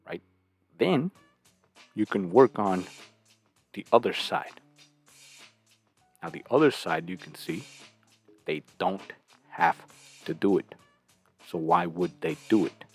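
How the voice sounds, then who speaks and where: A man's voice: deep voice, a little mellow, slightly rough. A man hosting his channel and giving blunt, crude reaction commentary on clips, often tossing in a rhetorical "right?".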